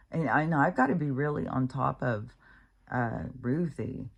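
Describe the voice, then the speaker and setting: A middle-aged American woman vlogs from home with her dog nearby, rambling casually through a monologue full of fillers and restarts. Her voice is very deep, gravelly and husky at a normal speed, and the audio sounds dull.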